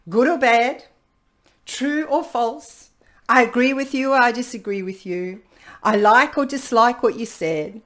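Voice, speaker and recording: Slow-speaking woman leading an online workshop. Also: a little high. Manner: lively, playfully acts out people's inner dialogue. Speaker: workshop facilitator. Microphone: video call.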